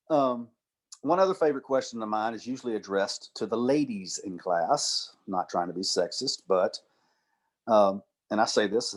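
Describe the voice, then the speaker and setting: A man's voice: on the low side, lively intonation. Man telling a church talk story. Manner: storytelling, acts out quotes, recites poetry slowly. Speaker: church speaker and literature teacher.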